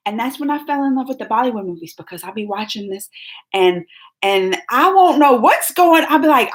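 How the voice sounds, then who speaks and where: A woman hosting a live movie chat, talking in a rambling, animated way with lots of fillers and laughs. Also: a little high, a little fast. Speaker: host of a movie reaction livestream. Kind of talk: casual livestream chat.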